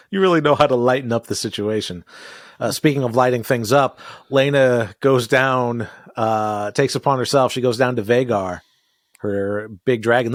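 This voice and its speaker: A man's voice: mid-range voice, no room sound, clean studio sound. A man co-hosting a TV recap podcast, casually walking through the plot with wry asides and frequent laughs. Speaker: podcast co-host.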